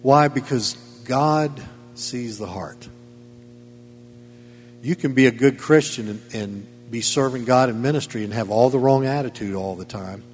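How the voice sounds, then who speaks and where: A man's voice: mid-range voice, a little slow, darkish tone, long reverb tail, soft background music. Folksy emphatic preacher man. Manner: emphatic, folksy, chuckling asides. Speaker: pastor. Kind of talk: sermon. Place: church sanctuary.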